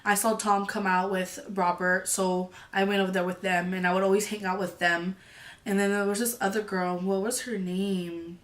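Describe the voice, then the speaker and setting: A woman's voice: medium pitch, flat delivery, normal speed. Chatty young woman telling a story. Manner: chatty, full of fillers like "like" and "you know"; acts out quoted lines in the story. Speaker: storytime vlogger. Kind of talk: casual storytelling.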